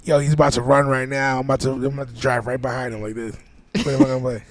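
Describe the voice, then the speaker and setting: A man's voice: mid-range voice, level tone, rapid-fire, no echo. A man co-hosting a podcast, chatting casually, joking around and laughing, then giving earnest advice. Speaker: podcast co-host. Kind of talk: casual chat.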